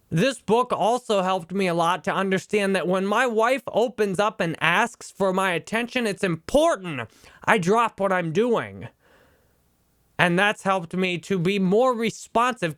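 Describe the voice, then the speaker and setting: A man's voice: high-pitched, a bit bright, no room sound, studio quality. A man in his thirties, an online instructor, talking earnestly and openly about a book and his own life. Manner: earnest, personal, emotionally open. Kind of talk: reflective book review talk.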